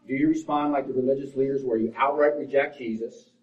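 A man preaching a sermon as pastor, swinging between forceful, loud lines and hushed, quiet ones. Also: mid-range voice, fairly even intonation, fast. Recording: roomy, distant, dull sound.

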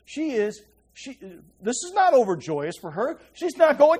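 Lively, chatty male preacher. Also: very high voice, measured pace, slightly rough. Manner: chatty, checks in with listeners often. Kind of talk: conversational Bible teaching.

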